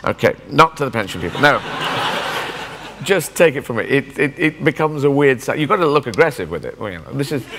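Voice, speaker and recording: A comedian in his fifties riffs through a keynote speech, animated and self-mocking as he jumps between thoughts. His voice is bright and forceful, and a long reverb from a large conference hall hangs behind it. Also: mid-range voice, brisk. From England. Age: 50s. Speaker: guest speaker.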